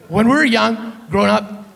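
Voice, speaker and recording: Loud, profane comedian with a gravelly edge. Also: male voice, sits high. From Canada. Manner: loud, profane, keeps asking "right?". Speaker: stand-up comedian. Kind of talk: stand-up storytelling. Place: theater stage.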